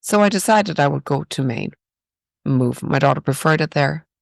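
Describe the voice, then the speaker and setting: Very gravelly Irish woman telling stories. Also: low voice, expressive, moderate pace, no room sound. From Ireland. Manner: reflective and spiritual, with rhetorical "right?". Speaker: podcast guest. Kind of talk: personal storytelling.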